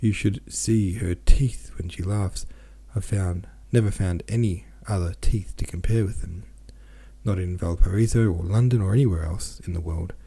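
A man's voice: low voice, normal speed, mellow, slightly rough. A man voicing an anxious, self-pitying middle-aged merchant who rambles in a plaintive, restless way, in an audiobook reading. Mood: pleading. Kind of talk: audiobook character voice.

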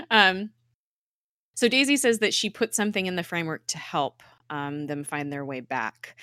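A woman's voice: on the low side, a little slow, long pauses, no room sound, studio quality. A woman co-hosting a podcast, casually recapping a TV episode with lots of "like" and "um", slipping into characters' lines as she retells. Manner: animated retelling, mimics characters in quotes, frequent "like" and "um". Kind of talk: casual chat.

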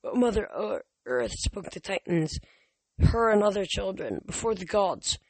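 A man's voice: sits high, very animated, a little slow, no room sound, exaggerated voice, low-quality recording. Guy voicing a big simple cyclops kid, short blurty lines, dry close sound. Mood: hushed. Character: young male cyclops, big and childlike.

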